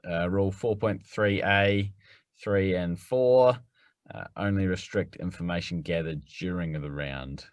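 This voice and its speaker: A man's voice: sits low, no echo, studio quality. A man, the rules expert on a podcast, explaining things in a matter-of-fact way. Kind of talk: casual explanation.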